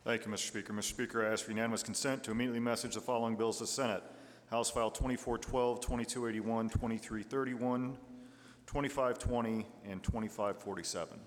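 Man, legislator, rapid businesslike motions, lowish voice, echoey chamber. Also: steady tone. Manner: brisk, businesslike listing of bill numbers. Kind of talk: procedural floor motions. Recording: echoey hall from a chamber mic.

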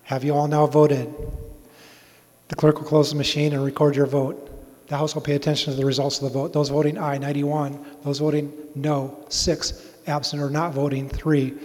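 A man presiding over a state legislature, calling votes and rulings in a measured, ceremonial cadence in a large chamber. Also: on the high side, flat delivery, darkish tone. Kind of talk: formal parliamentary procedure, calling votes. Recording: long echo of a large chamber.

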